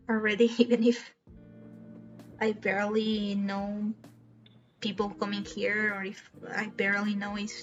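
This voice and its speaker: A young adult woman chats on a casual live stream in a mid-range, slightly mellow voice. She's earnest and emotional, letting out small laughs and restarting often, over slightly dull lo-fi stream audio.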